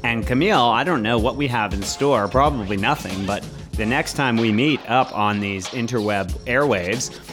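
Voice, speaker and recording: A man's voice: medium pitch, normal speed, hardly any pauses, music in the background. A man co-hosting a podcast in casual chat, playful and teasing, often laughing. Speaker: podcast co-host.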